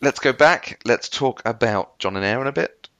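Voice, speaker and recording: A man co-hosting a casual podcast chat, relaxed and teasing, chuckling often. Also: mid-range voice, moderate pace, dry recording. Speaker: podcast co-host.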